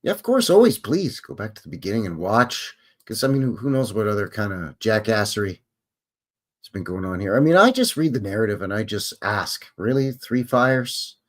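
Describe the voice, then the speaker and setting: A man's voice: lowish voice, very animated, fairly quick. A man hosting a livestream, chatting casually with viewers in a rambling, self-questioning way. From Canada. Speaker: livestream host. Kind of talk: casual chat with live viewers.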